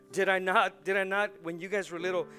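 A man in his forties, a pastor preaching a lively sermon, laughing often and repeating words as he gets worked up. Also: high voice, moderate pace, soft background music. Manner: animated, laughing, repeats words when excited.

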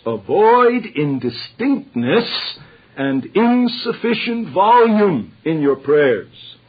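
A man's voice: high-pitched, slightly rough. An older man giving an earnest, emphatic lecture on pastoral theology, reading quotations aloud to his class. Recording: tinny lo-fi lecture recording.

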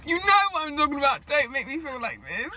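Woman in a casual chat, bright voice, lively pitch, easygoing and agreeable. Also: fast, slight background noise. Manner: agreeable, laughing along. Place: parked car.

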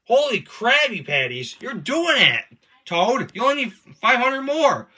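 A man's voice: very high voice, very animated, unhurried, pushed and bright, slightly rough, voice pushed up, exaggerated voice. A man voicing a cheerful, pestering male cartoon sea sponge who keeps interrupting a game, in a comedic fan dub. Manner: nosy, chirpy, interrupting. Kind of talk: comedic fan voice acting over gameplay.

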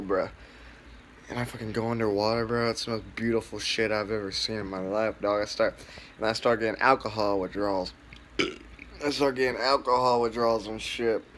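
Young man, casual and profane, rambling vlog storyteller, bright voice, faint background noise. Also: mid-range voice. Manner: laid-back, profane, rambling with many fillers. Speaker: vlogger.

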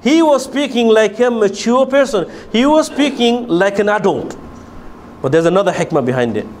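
A man's voice: high-pitched, lively intonation, moderate pace, a little mellow, slight background noise. A man giving a religious lecture to a group, explaining at length and asking his listeners questions, with many fillers and restarts. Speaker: lecturer on a pilgrimage programme. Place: lecture room in a city of pilgrimage.

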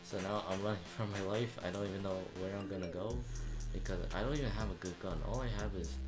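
Male gaming YouTuber, deep voice, offhand commentary with excited outbursts, heavy music bed. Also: quick pace, rough recording. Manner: rambling, self-mocking, with bursts of excited yelling. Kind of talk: casual gameplay commentary. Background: loud background music.

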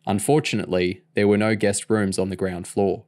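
A man narrating a novel aloud in a steady, measured storytelling voice. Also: on the low side. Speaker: audiobook reader.

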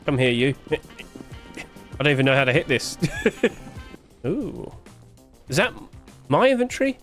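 A man's voice: mid-range voice, big pitch swings, slow, a bit bright, soft background music. A man giving casual gameplay commentary, thinking aloud, puzzled and joking, with plenty of fillers. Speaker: streamer playing a game.

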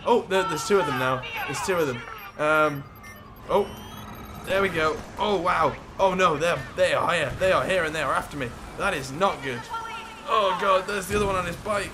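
A young man giving excitable, jokey gameplay commentary as a gaming YouTuber. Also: a little high, normal speed, noisy background. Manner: excitable, jokey, swears and laughs often.

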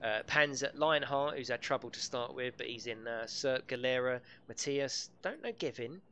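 A man's voice: mid-range voice, moderate pace, fairly bright tone, slight background noise. A middle-aged man, live-streaming a racing game and bantering and swearing with his chat. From United Kingdom.

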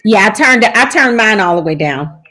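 A woman joins the stream by call and answers in short, upbeat bursts. Her pitch swings in a lively way, and her audio carries a faint hiss. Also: a little fast. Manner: brief, upbeat backchannel replies.

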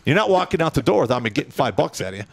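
A man, a military veteran, telling war stories in a casual, profane and animated way. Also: mid-range voice, rapid-fire, gravelly, dry recording.

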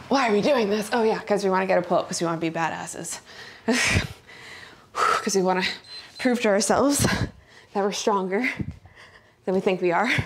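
A breathy, husky-voiced woman coaching a workout at a middle pitch while doing it herself. She is winded from the effort and keeps up upbeat cues and countdowns. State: out of breath from exercising. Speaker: fitness coach. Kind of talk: follow-along workout instruction. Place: indoors, not outside.

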